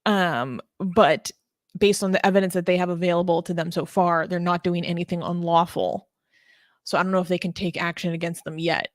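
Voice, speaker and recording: A woman co-host talks politics in a loose, sarcastic way, often breaking into laughter. Her voice sits on the low side and she leans on ums and uhs. The sound is dry, with no room around it. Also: steady tone, a little fast, no room sound. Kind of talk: casual political chat.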